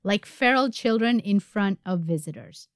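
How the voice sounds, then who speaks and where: A woman's voice: medium pitch, moderate pace, no room sound. Dry, close-miked woman host telling a story. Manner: relaxed, laughs easily while recounting. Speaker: podcast host. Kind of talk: casual storytelling chat.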